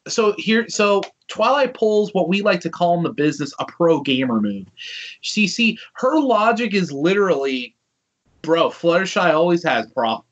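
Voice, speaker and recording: A man's voice: high voice, moderate pace, muffled recording, slight background noise. A man co-hosting a podcast, chatting casually about a cartoon episode, joking and swearing as he goes. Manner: animated, joking, profane. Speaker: podcast co-host. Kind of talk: casual episode recap chat.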